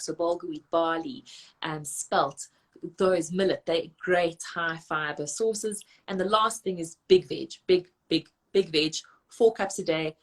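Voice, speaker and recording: A woman dietitian, giving brisk, practical advice in lists during a live online Q&A. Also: on the low side. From South Africa. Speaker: registered dietitian.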